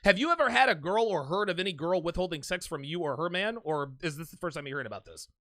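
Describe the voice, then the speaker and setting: Brash profane call-in host, high bright voice. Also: male voice, expressive, fast, no echo. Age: 40s. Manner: brash, swaggering, profane, laughs often. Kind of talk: live call-in show banter.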